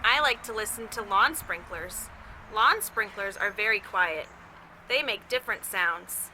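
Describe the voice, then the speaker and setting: A woman's voice: mid-range voice, expressive, measured pace, sharp tone, slight background noise, poor audio. A woman teacher reading a picture book aloud to children outdoors, cheerfully imitating the sounds in the story. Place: outdoors with her dog.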